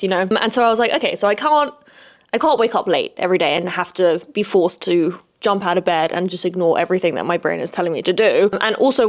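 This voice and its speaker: Woman podcast host, casual solo monologue, blunt and sweary, mid-range voice. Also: medium pitch. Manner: blunt and frank, swears freely, repeats "okay?" for emphasis.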